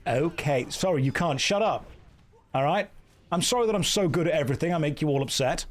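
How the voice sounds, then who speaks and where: A man's voice: fairly high pitch, animated, fairly quick. An English man in his thirties chatting and joking with viewers while streaming a game. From England. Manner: joking, riffing, slips into mock accents. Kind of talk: live stream chat while gaming.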